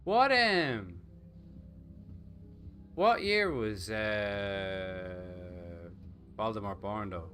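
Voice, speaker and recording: A man's voice: lowish voice, animated, very slow, pauses often, fairly bright tone, soft background music. Joking Irish man streaming a game. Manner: casual, crude, joking. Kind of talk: live gameplay commentary.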